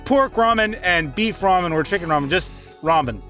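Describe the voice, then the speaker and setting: A man's voice: sits high, lively intonation, fairly quick, bright, forceful tone, faint music behind. A man bantering and teasing his friends while watching a game. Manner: teasing, jokey. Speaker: game commentator. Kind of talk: casual banter.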